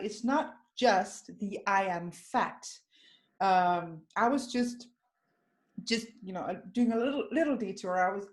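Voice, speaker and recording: A woman hosting an informal live webinar over a video call, talking in a searching way with many restarts. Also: medium pitch. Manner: warm, searching, with frequent restarts. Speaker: webinar host, psychologist. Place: at home in Sweden, video call. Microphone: video call microphone.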